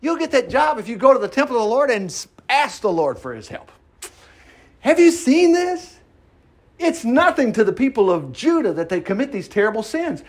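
A man preaching an informal Bible-teaching sermon in a folksy way, reading scripture and acting out quotes in mocking voices. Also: high-pitched. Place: farm.

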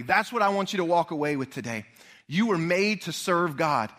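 A male pastor delivers his sermon with a high, ringing voice. He tells stories with plenty of animation and talks straight to his congregation. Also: animated, fast talker, fairly bright tone.

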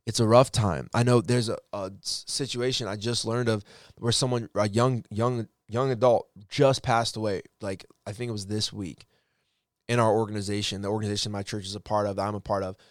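A man's voice: lowish voice, steady tone, fairly quick, no room sound, studio quality. A man telling a personal story to his viewers in a casual, heartfelt way, rambling and correcting himself as he goes. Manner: rambling, with frequent restarts and self-corrections; earnest and encouraging.

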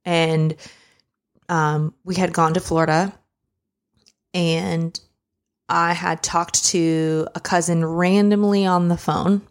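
A woman's voice: on the low side, flat delivery, slow pace, pauses often. A young woman co-hosting a podcast, telling a personal story in a candid, emotional, conversational way. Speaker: podcast co-host. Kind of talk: casual chat.

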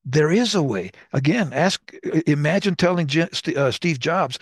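A man's voice: a little high, expressive, moderate pace, few pauses, husky, no room sound, clean studio sound. An older man co-hosting a podcast, casually telling stories and acting out the dialogue. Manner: anecdotal, acts out dialogue. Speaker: podcast co-host. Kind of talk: casual conversation, storytelling.

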